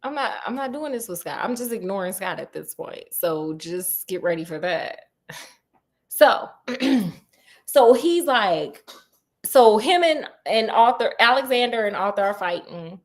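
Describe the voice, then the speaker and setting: A woman's voice: medium pitch, animated, a little slow. Chatty, digressive woman storyteller. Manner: chatty, digressive, laughing asides. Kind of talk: casual storytelling.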